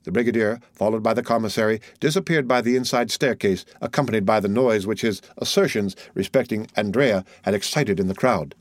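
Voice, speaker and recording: A man reading a classic novel aloud in a steady, measured way. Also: lowish voice, dry recording, clean studio sound. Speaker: audiobook narrator. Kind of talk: scripted narration.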